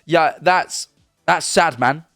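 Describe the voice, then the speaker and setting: Over soft background music, a twentysomething man streaming from home talks in a slightly high, fairly bright voice at a slow pace. He rambles casually, tripping over his words while reading messages from viewers.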